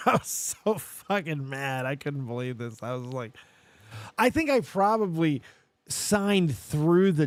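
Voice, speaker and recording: A young man hosting a live show, telling a story in an animated, profane way and getting worked up as he goes. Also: mid-range voice, no room sound. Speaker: show host.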